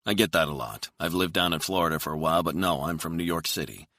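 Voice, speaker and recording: A man voicing a cool, controlled hired killer who speaks calmly and quietly threatens, in a deep voice. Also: quick pace, dry recording, clean studio sound, exaggerated voice. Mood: easygoing.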